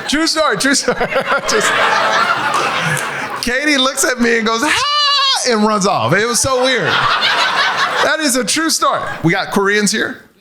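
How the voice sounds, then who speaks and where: High-voiced man doing animated stand-up. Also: measured pace, pauses often, very noisy. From United States. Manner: animated, playful, puts on voices for characters. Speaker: stand-up comedian. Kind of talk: stand-up comedy set. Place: comedy club stage before a live audience.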